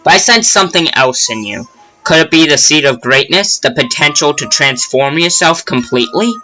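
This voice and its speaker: A man voicing a calm male professor in a game, reading the mentor's lines in a measured, explaining way. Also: a little high, soft background music, rough recording. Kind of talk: reading game dialogue aloud.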